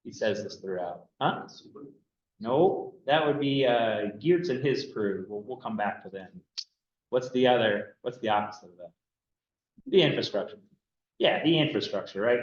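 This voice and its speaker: A man's voice: medium pitch, lively intonation, normal speed. A man giving a casual classroom lecture on anthropology, chatty and loose, full of fillers and "right?" checks to the students. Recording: dull roomy classroom recording.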